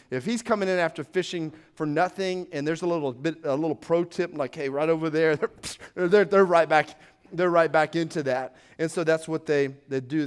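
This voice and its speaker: A man's voice: on the high side, clear, resonant tone. A man preaching a sermon as pastor, acting out scenes from the Bible with rising emphasis.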